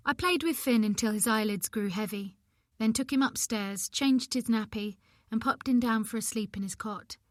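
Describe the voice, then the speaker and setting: A woman narrating an audiobook in the first person, reading in an expressive, measured way. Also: a little high, dry recording, clean studio sound.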